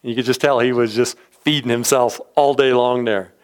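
Man, casual storytelling, rambling, chatty, middle pitch. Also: steady tone, a little fast. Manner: rambling, chatty, chuckles often, acts out quotes.

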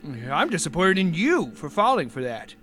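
A sly old woman who keeps her voice low and hushed and turns sinister, as a game master puts her on. The tone stays bright and sharp even when she drops to a near whisper. She plays with the listener like a cat with a mouse. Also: moderate pace, soft background music. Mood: sly scolding.

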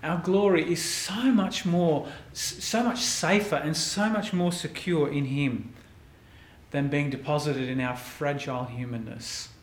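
Male pastor, preaching, earnest, soft prayerful drops, fairly high voice, roomy echo. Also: steady tone, a little slow. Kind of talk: sermon.

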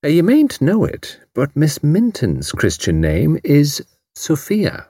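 A man reading an audiobook, voicing a vast, smiling old woman who speaks softly and slyly. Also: sits low, huge pitch swings, takes it slowly, breathy edge, no echo, studio quality, pitched above the performer's own voice, full character voice. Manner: soft, insinuating.

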